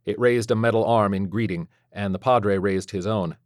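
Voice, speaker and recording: A man's voice: fairly low pitch, moderate pace, no echo. A man narrating a scripted first-person story in a sardonic, dryly witty manner. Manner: sardonic, dry wit.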